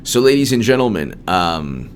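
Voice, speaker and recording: A man's voice: fairly low pitch, very animated, moderate pace, slight background noise. A man hosting a solo political commentary monologue, emphatic and digressive, with frequent restarts.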